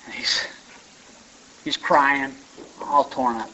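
A man's voice: mid-range voice, steady tone, slow, pushed and bright, slight background noise. A man speaking at a recovery meeting, sharing his story in a folksy, conversational way with lots of asides to the room. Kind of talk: personal share talk. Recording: muffled lo-fi recording.

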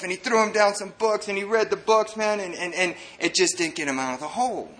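A man's voice: high-pitched, quick pace, hardly any pauses, pushed and bright. A man from El Paso, a recovering addict telling a group his story in an earnest, rambling way, full of repeated "and"s and "man"s. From United States (El Paso, Texas). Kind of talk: personal recovery testimony to a group.

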